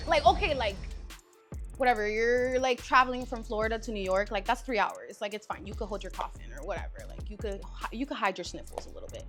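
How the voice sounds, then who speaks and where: A woman's voice: fairly high pitch, expressive, fairly quick, a bit bright, soft background music. A woman co-hosting a podcast, rambling with many fillers and swearing in casual chat. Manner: rambling, filler-heavy, profane. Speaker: podcast co-host.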